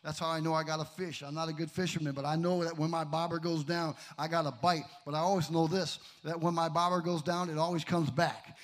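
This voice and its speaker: A middle-aged man preaching a sermon, swinging from loud emphasis to hushed storytelling. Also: fairly high pitch, flat delivery, a little fast, hardly any pauses. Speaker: pastor.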